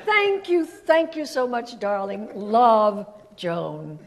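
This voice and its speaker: A woman putting on the voice of a tipsy, gushing grand old film star, speaking in a theatrical, drawn-out way. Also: a little high, sing-song, creaky, a crowd in the background, noisy background, full character voice.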